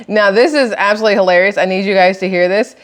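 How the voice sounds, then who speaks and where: A woman's voice: mid-range voice, brisk. A woman hosting casual political commentary, talking emphatically and repeating words for stress. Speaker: host.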